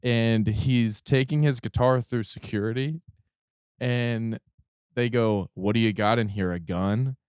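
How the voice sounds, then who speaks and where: Smooth-voiced man guesting on a podcast. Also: mid-range voice, a little slow, no echo, studio quality. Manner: relaxed anecdote teller, easy laughter. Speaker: podcast guest, touring musician. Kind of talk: casual chat.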